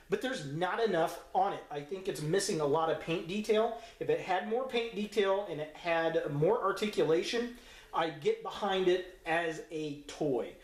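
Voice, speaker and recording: A man in his thirties hosting a casual toy review, giving blunt, frank opinions with lots of ums, uhs and restarts. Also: fairly high pitch. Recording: echoey room.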